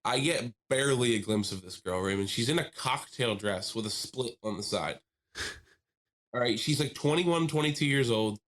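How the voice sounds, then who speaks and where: A man co-hosting a podcast, telling a long story in casual chat with lively animation, often laughing and mimicking the people he quotes. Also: medium pitch, moderate pace. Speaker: podcast co-host.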